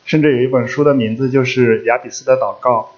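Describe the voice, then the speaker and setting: A man's voice: mid-range voice, fairly even intonation, fast talker, lo-fi sound. A man interpreting a sermon line by line, opening each line with a short filler sound before speaking plainly.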